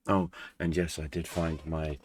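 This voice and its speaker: A man hosting a gaming channel, chatting casually in a vlog with a deep, groggy morning voice, short on sleep and rambling with dry asides. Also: flat delivery, measured pace, a little mellow, a little hiss or hum.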